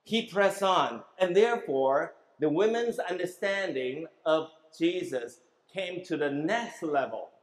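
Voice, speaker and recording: Male pastor, sermon, slow emphatic delivery, reverberant room. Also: on the high side, animated. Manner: emphatic, asks the congregation questions and has them repeat words.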